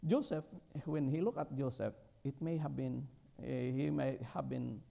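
Gravelly middle-aged man preaching haltingly. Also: mid-range voice, warm tone. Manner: halting, with many fillers and restarts, rising emphatically on key words. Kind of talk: sermon.

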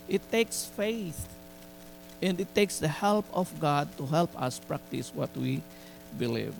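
A man preaching a sermon, slow and deliberate, mixing Tagalog phrases into his English. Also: on the high side, animated, vocal fry, a little hiss or hum, poor audio.

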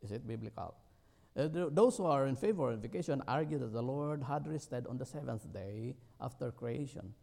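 Gravelly middle-aged man preaching haltingly. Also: medium pitch, animated, darkish tone. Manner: halting, with many fillers and restarts, rising emphatically on key words. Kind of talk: sermon.

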